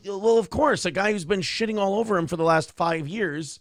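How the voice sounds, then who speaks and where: A man's voice: sits high, fairly quick, no echo. A man hosting a talk show, giving blunt, profane commentary on a clip in a casual, ranting way. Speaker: show host.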